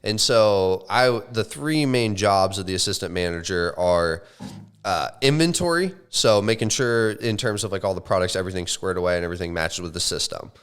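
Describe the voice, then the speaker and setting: A young man on a podcast, telling a casual, animated story full of swearing and slang. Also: sits low, normal speed, clear, resonant tone. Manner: animated, swears often, says like and bro. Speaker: podcast co-host.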